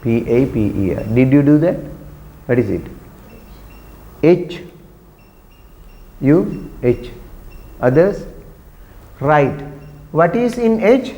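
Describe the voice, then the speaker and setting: A man's voice: a little high, sing-song, slow pace, pauses often, dark tone. A man teaching pronunciation to a class, patiently repeating words and asking questions. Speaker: English teacher. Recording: long echoey room reverb.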